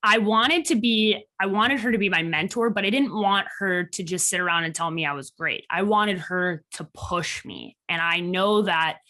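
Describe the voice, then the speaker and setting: Woman in her thirties, slight Chicago accent, animated guest storyteller, mid-range voice. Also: mid-range voice, normal speed, few pauses. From Chicago, USA. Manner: animated, quotes people in lively voices. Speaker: podcast guest. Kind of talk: casual interview storytelling.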